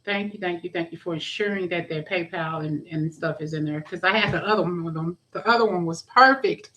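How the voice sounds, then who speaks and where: A woman's voice: fairly low pitch, brisk, few pauses, fairly bright tone, poor audio. A woman hosting a live tarot stream, chatting casually and greeting viewers by name, with frequent restarts.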